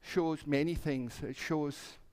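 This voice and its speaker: A man's voice: on the high side, fairly even intonation, slow, darkish tone, clear, resonant tone. A man, a minister telling a playful children's story during a church service and acting out the animals.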